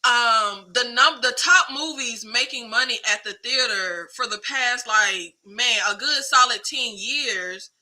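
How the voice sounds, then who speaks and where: Woman, film chat host, super bright voice, kinda high, slangy and emphatic. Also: a little slow, few pauses, poor audio. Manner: animated, slangy, emphatic, laughs often. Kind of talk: casual chat.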